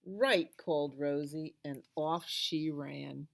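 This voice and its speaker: A woman reading a picture book aloud to children at a library storytime, in a gentle, expressive voice. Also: low-pitched, unhurried.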